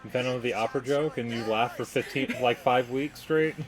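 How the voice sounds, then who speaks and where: Dry teasing male streamer, mid-pitched, soft game music under him. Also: fairly quick, rough recording. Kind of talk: casual chat over gameplay.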